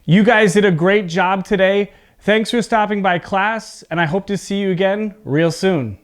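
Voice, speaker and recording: A middle-aged man teaching an English pronunciation lesson, speaking slowly and clearly in an encouraging way. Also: sits high.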